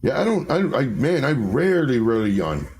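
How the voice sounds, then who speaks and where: A man's voice: mid-range voice, sing-song, brisk, a little mellow, slight background noise. A man hosting a casual livestream, chatting with viewers and talking through charts, often repeating his words. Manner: chatty, reads viewer comments aloud, repeats himself. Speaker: livestream host reading chat. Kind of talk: casual live-stream chat and chart analysis.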